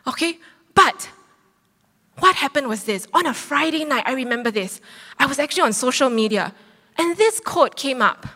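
A woman in her thirties preaching, telling a personal story with lively acted-out quotes. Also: high voice, moderate pace. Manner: animated storytelling, acts out quotes. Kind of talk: sermon testimony. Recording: long hall reverb.

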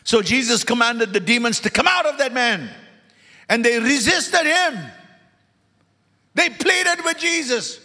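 A man's voice: extremely high pitch, lively intonation, measured pace, pauses often, bright, forceful tone. A man preaching a sermon in a church, emphatic and fond of repeating key words, calling out to his congregation and slipping in joking asides. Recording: long hall reverb.

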